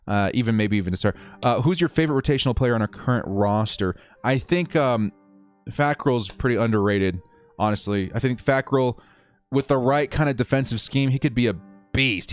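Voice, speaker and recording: A young man hosting a casual live stream, chatting upbeat and reading viewer comments aloud. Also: fairly low pitch.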